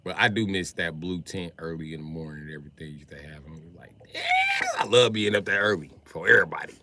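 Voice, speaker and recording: Deep-voiced, forceful male streamer ranting. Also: quick pace, a little hiss or hum. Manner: profane, animated ranting with sudden loud outbursts. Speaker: live streamer. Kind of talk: casual live-stream chat.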